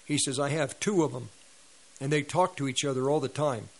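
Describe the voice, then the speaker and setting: A man's voice: medium pitch, fairly quick, rough recording. A man preaching on a radio ministry, retelling a story with quoted dialogue and sound effects. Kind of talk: sermon storytelling.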